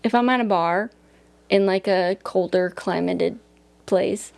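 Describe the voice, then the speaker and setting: A woman's voice: medium pitch, measured pace, gravelly, a little mellow. A young woman co-hosting a casual podcast, talking bluntly and with plenty of swearing, often acting out what people say. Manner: blunt, profane, jumps between quoted voices. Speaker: podcast co-host.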